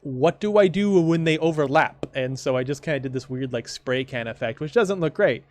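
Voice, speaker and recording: A man's voice: a little high, expressive, normal speed. Man rambling about his own comic. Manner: rambling, dry sarcastic asides. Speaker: comic creator.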